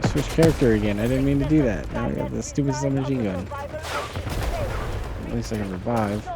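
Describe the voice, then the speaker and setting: A streamer gives live gameplay commentary in a brisk, creaky, mid-range male voice over heavy background noise. He swears freely and rants in exasperation at his teammates, breaking into incredulous outbursts.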